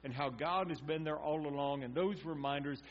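A man delivers a conversational sermon, voicing quotes and sinking into hushed, earnest passages. His voice sits a little high for a man. The recording is dull and muffled, with a steady mains hum underneath. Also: normal speed. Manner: conversational preaching, acts out quotes, drops to quiet intensity. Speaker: pastor.

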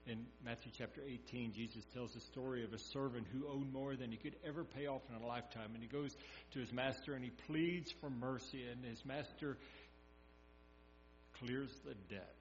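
A man's voice: medium pitch, steady tone, normal speed. A man preaching a sermon, telling scripture stories in a folksy way and acting them out. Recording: echoey hall, dull sound, mains hum.

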